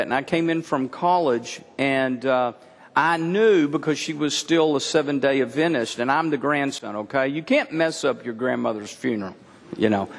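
A man preaching a sermon, telling stories with lively acted-out dialogue. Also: on the high side. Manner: animated storytelling, acting out dialogue. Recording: long reverb in a large room.

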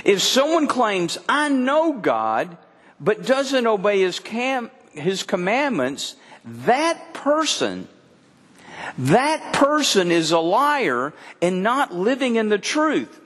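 A man's voice: high voice, big pitch swings, slow, a bit bright. A middle-aged man preaching a sermon to a church congregation, earnest and often repeating words for emphasis. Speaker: pastor. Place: church service. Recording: long hall reverb.

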